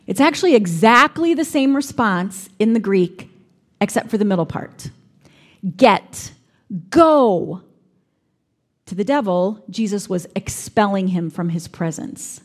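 A woman's voice: medium pitch, animated, a little slow. Woman preaching a reflective sermon. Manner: reflective, acting out quoted speech.

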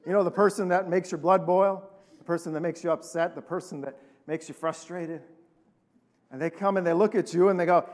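A man, a pastor, preaching a sermon and telling a story with lively acted-out voices. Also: sits high, a little fast. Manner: animated storytelling, acting out quoted voices.

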